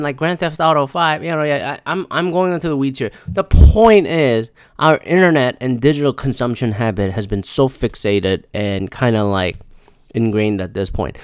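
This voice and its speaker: A man in his mid-thirties, recorded dry and close, talking on his own podcast in a loose, rambling, foul-mouthed rant. His voice is smooth and resonant at a middle pitch, and he keeps drifting off on tangents. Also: dry recording. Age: 30s. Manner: profane, rambling, animated. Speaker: podcast host. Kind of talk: casual solo podcast rant.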